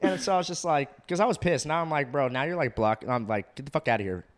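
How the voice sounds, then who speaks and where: Fast-talking young man, blunt storytelling. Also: fairly high pitch. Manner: blunt, swears, storytelling with "I was like". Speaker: podcast co-host. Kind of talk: casual chat.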